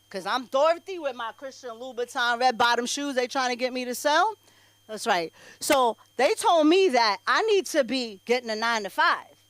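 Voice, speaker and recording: A woman doing a stand-up set at an open mic, brash and sassy, swinging between loud punchlines and low asides. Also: no echo. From Bangladesh. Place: comedy club stage.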